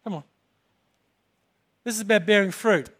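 A man preaching a sermon in church, emphatic, building to loud peaks on key words. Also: sits high, moderate pace.

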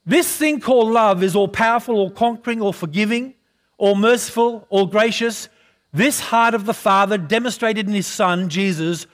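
A man preaching a sermon in a high, light voice and a slow, deliberate delivery. He often stops to question the congregation and draw out an amen, and he clears his throat from time to time. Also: a bit bright. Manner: calls for responses from the congregation, often asks questions. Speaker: pastor.

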